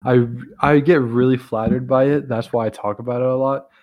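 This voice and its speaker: A man's voice: medium pitch, steady tone, fairly quick, highs cut off. A young man hosting a casual chat, rambling with lots of fillers and restarts. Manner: rambling, full of fillers and self-corrections. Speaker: host.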